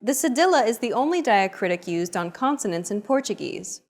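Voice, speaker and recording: A woman narrating a scripted grammar lesson, explaining the rules in a clear, measured way. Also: medium pitch, big pitch swings, darkish tone. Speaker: language teacher.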